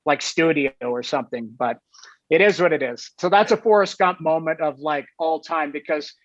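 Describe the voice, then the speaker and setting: A man with a high-pitched voice rambles through a casual story and keeps filling his sentences with "like" and "you know". The sound is dry and dull, with no room around it, like a lo-fi recording. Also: normal speed, dry recording. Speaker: guest telling a story.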